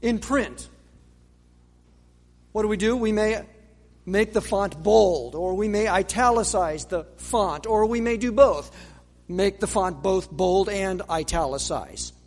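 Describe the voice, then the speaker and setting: A man preaching a sermon in a measured way, with dramatic pauses and rhetorical questions. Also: high-pitched. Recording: long reverb of a large hall.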